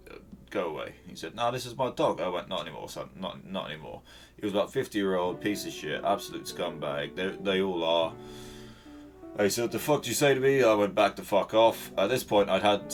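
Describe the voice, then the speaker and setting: A man, hosting a podcast and telling a rambling, sweary story on his own, with many restarts. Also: deep voice. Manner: rambling, sweary, self-interrupting. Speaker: podcast host. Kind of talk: casual storytelling monologue. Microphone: solo recording at home to camera.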